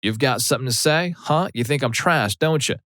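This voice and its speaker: A man's voice: medium pitch, animated, brisk, a bit bright, dry recording, clean studio sound, pitched above the performer's own voice, close to an everyday voice. A man voicing an entitled middle-aged mother with a Southern accent, accusing and whining. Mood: angry.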